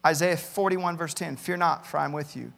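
Male pastor, sermon, somewhat high gravelly voice, big reverberant church hall. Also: fairly quick, a bit bright. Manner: earnest preaching, reads many Bible verses aloud, repeats words at starts. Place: church campus, large hall.

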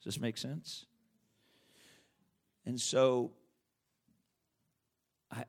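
A man's voice: lowish voice, fairly even intonation, slow, pauses often. A middle-aged man preaching a sermon in an earnest, conversational way.

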